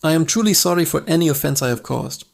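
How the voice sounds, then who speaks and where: A man's voice: fairly high pitch, animated, a little slow, a little mellow. A man voicing a foul-mouthed pet parrot in a told joke, with a scratchy squawking voice. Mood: stiffly polite. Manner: insulting and brash, later stiffly over-polite.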